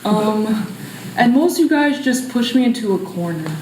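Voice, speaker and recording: A woman playing a glum, sluggish personified depression in a solo stage show, muttering low. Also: animated, a little slow, darkish tone, roomy sound, a little hiss or hum, low-quality recording.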